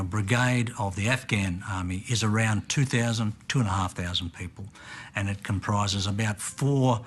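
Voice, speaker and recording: A man's voice: on the low side, a bit bright, slight background noise. A man, a military officer, explaining in a matter-of-fact briefing tone. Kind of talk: documentary interview.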